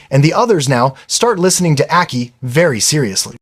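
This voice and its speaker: A man's voice: on the high side, animated, a little fast, few pauses. Chatty man retelling an anime. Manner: chatty, says "brother" and "literally". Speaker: anime recap narrator. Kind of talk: casual storytelling recap.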